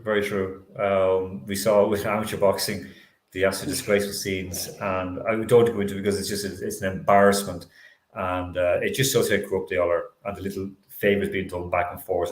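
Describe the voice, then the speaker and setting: A man hosting a sports talk show, animated and opinionated and laughing often. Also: low voice, roomy sound. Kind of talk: casual panel chat.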